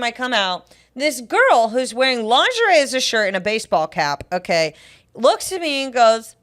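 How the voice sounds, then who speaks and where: Lively young woman host, slightly high voice, jumps up and down in pitch while she tells a story. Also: normal speed. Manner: animated, laughs often, acts out others' voices. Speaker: podcast co-host. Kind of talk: casual storytelling chat.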